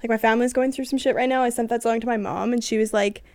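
A woman's voice: on the high side, steady tone, fast, darkish tone, no room sound. A woman co-hosting a casual chat, blunt and emotional, swearing heavily. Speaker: co-host.

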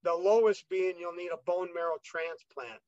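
A man guest with a fairly high voice tells his story in a casual, rambling way, stumbling over restarts and acting out what others said. The recording sounds dull and lo-fi, close and without room echo. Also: fairly even intonation, moderate pace, a little mellow. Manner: rambling, many fillers and restarts, re-enacts dialogue.

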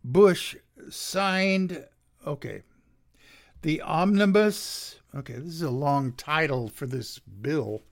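A man hosting a show, reading political commentary from his notes in a slow, sardonic way with many pauses, his throat drying out. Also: on the high side, vocal fry. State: dry throat. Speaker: podcast host.

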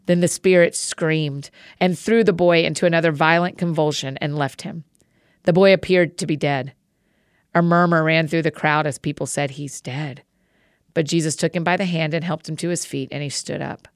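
A woman reading scripture aloud in a measured, clear way. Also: low voice, steady tone, dry recording, clean studio sound. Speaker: Bible reader.

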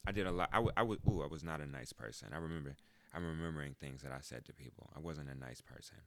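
A man in his twenties hosting a podcast, telling a story in a casual, profane, animated way and jumping into high mocking voices. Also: fast, dry recording. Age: 20s. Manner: animated, profane, jumps into high mock voices when quoting. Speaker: podcast host. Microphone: close podcast mic.

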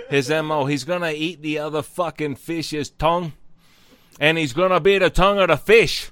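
A man's voice: fairly high pitch, steady tone, moderate pace, fairly bright tone. A man hosting a comedy talk show, reading out strange news stories and riffing on them with profane asides. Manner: profane, riffing asides between read-out headlines.

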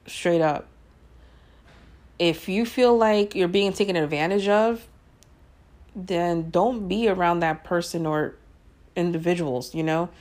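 A woman's voice: on the low side, slow pace, long pauses, a little mellow. A woman in her thirties telling her own story to her listeners in a blunt, frank way, swearing freely and using lots of fillers. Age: 30s. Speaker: podcast host.

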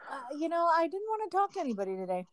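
A woman's voice: very high-pitched, big pitch swings, rapid-fire, no room sound. A woman co-hosting a podcast, telling a story in casual chat, rambling with lots of fillers. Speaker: podcast co-host.

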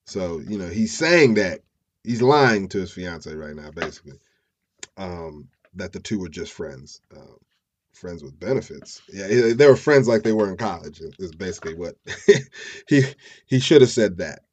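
A man's voice: sits low, lively intonation, unhurried, highs cut off. A man hosting a podcast, retelling a story casually with profane slang. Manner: profane, slangy, chuckling asides. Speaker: podcast host. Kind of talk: casual true-crime storytelling.

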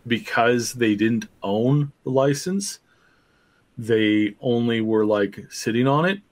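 A male podcast co-host in loose conversation who warms to his own ideas as he talks, piling on examples. His voice sits in the middle of a man's range. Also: medium pitch, takes it slowly. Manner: animated, talks himself into theories. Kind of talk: casual podcast chat.

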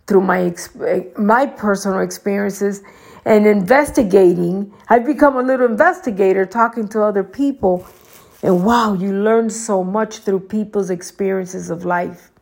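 Chatty middle-aged woman with a gravelly voice. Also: mid-range voice, moderate pace, darkish tone. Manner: chatty and preachy, addresses viewers directly. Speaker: vlogger. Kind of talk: casual advice talk to viewers.

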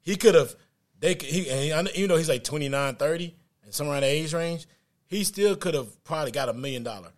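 A man co-hosting a sports podcast, talking animated and quick in casual chat. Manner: animated, quick, jumping pitch. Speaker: podcast co-host.

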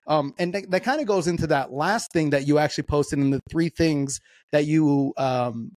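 A man's voice: a little high, moderate pace, a little mellow, no echo, studio quality. A man hosting a podcast in casual conversation, laid-back and swearing freely, with lots of fillers. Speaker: podcast host. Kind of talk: casual interview chat.

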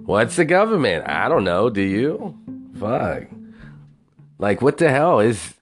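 A man's voice: mid-range voice, sing-song, takes it slowly, faint music behind. A man ranting in a casual, profane way, incredulous and swearing constantly.

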